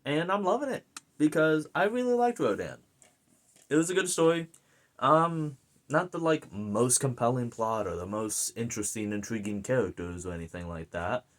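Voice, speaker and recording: American dude rambling through a movie review, lots of um and like and you know, super into it. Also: male voice, mid-range voice, lively intonation, moderate pace. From United States. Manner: rambling and enthusiastic, full of fillers and restarts. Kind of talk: casual film review chat.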